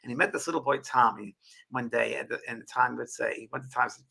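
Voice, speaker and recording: Older guy host, talks fast, kinda gravelly, bright tone, tells stories. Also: medium pitch. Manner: storytelling, animated, quick. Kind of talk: casual conversation.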